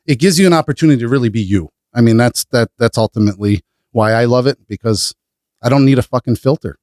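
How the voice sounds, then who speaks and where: A man talking as a podcast guest, blunt and animated, swearing freely as he tells stories about his business. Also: mid-range voice, fast, no echo, studio quality. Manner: blunt, profane, animated storytelling. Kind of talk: casual interview chat.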